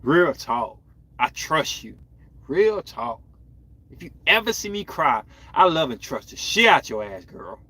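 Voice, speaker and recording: A man hosting a podcast, chatting casually and bluntly in slang with animated outbursts as he reacts to viewer comments. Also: on the high side, a little slow. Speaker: podcast host.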